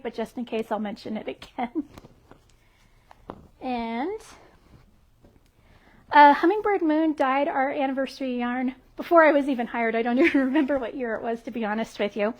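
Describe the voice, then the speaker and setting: A woman's voice: sits high, a little mellow. A woman who works at a yarn shop, presenting products on a livestream in a bubbly, giggly, friendly way. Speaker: yarn shop staff member.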